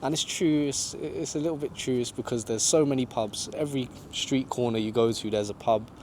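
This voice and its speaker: A man answering interview questions outdoors in a relaxed, conversational way. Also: mid-range voice, fairly quick, slight background noise. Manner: laid-back, conversational, lots of "you know". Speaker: travel vlogger being interviewed. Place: outdoors in a city park.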